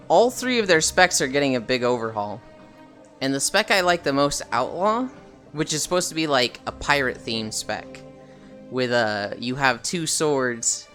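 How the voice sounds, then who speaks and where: Bright-voiced man rambling about a game. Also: medium pitch. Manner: rambling, filler-heavy, casual swearing. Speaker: streamer. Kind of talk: casual gaming chat while walking. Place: walking on a treadmill while streaming.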